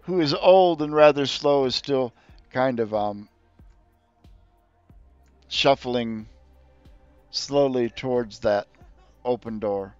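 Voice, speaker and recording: A man narrating a tabletop game as game master, easygoing and full of ums. His voice has a middle pitch, the stream audio is slightly dull, and faint music plays behind him. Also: slow pace, long pauses, clean tone, dry recording. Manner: relaxed, with frequent ums.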